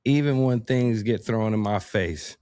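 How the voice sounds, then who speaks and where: Animated, lower-voiced man telling stories. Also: a little slow, no room sound, clean studio sound. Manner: animated storyteller, acts out quotes, laughs often. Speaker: podcast guest. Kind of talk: casual conversation.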